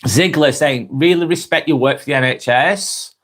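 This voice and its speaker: A man in his forties with a Northwest English accent, getting over a cold, reading out viewers' comments and chatting back in a relaxed, friendly way. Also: fairly high pitch, moderate pace. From Northwest England. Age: 40s. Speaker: live stream host reading comments. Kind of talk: casual live chat.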